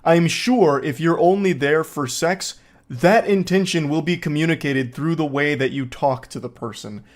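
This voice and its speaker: A man's voice: fairly high pitch, moderate pace. A man hosting a comedic reaction commentary, talking sarcastically and sounding incredulous at what he watches. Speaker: host reacting to videos.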